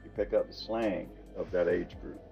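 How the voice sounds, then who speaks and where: A man's voice: sits low, steady tone, moderate pace, vocal fry. An older man from the American South with a Southern accent, talking in a folksy, musing way in a casual monologue to camera. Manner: folksy, musing, soft chuckles. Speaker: vlogger. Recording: muffled with soft music underneath.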